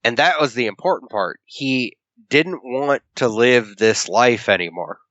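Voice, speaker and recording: Here a podcast co-host talks at a measured pace in an animated, slightly bright mid-range voice, captured as a dry recording with a dull lo-fi sound. He casually recounts a comic book's story in detail, performs the characters' dialogue, and swears freely.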